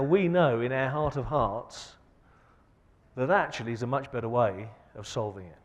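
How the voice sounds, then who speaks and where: A man giving a conference lecture, asking the audience rhetorical questions with an emphatic delivery that swings between loud and soft. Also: medium pitch. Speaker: keynote speaker. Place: large conference hall. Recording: long hall reverb.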